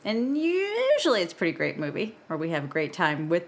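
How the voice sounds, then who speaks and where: A woman's voice: on the low side, huge pitch swings, a little fast. A woman hosting a movie podcast, talking in a casual, playful, teasing way. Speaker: podcast host. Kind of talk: casual movie-review chat.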